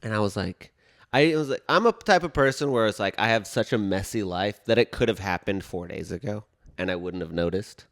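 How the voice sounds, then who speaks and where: A man co-hosting a casual comedy podcast, telling stories in an animated way and acting out what people said. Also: lowish voice, a little fast. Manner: animated storyteller who acts out what people said. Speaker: podcast co-host.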